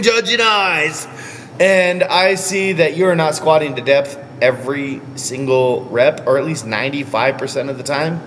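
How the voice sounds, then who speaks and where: A man's voice: medium pitch, slight background noise. A man coaching powerlifters in a casual vlog rant, blunt and scolding, swearing constantly. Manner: blunt, heavily profane, scolding.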